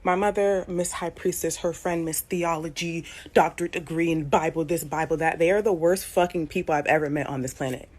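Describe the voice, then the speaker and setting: A woman's voice: sits low, fairly even intonation, a little fast, a little mellow. A woman venting in a bitter, profane rant. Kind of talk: angry vlog rant.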